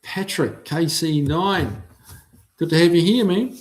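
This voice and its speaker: Hosting a livestream, this middle-aged man from New Zealand reads out his chat in a relaxed, casual way, dropping in plenty of ums. His voice is on the high side, his New Zealand accent is clear, and he keeps a measured pace.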